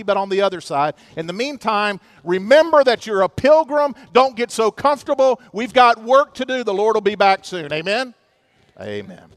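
Middle-aged male pastor, high voice, earnest sermon storyteller with humor, dry close sound. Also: fairly bright tone, no room sound.

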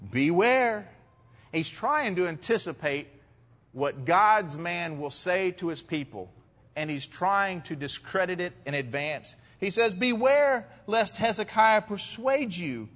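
A man's voice: high-pitched, a bit bright. A man preaching an expository sermon as pastor, reading verses and rising to emphatic points. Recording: long hall reverb.

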